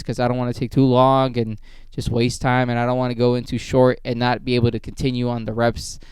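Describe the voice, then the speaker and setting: A man's voice: medium pitch, a little mellow, clear, resonant tone, dry recording. Young guy comedian just rambling to camera, swears a lot, clean dry sound. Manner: rambling, profane and self-mocking. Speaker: stand-up comedian. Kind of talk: casual vlog monologue.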